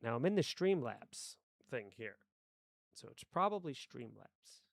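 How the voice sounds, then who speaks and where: A man's voice: medium pitch, big pitch swings, measured pace, vocal fry, no echo, clean studio sound. A man chatting casually on a live stream, rambling to his chat while adjusting his microphone settings. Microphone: desk microphone.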